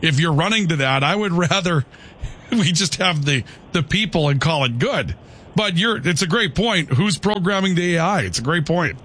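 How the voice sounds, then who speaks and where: A man's voice: on the high side, animated, moderate pace, fairly bright tone, slightly rough. Chatty male radio talk host. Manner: conversational, peppers lines with "okay". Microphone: studio microphone.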